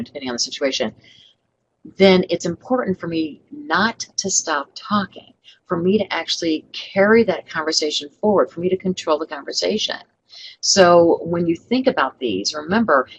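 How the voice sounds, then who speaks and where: A woman's voice: deep voice, slight background noise, low-quality recording. A middle-aged woman running an online training webinar, upbeat and coaching, who acts out sample customer lines.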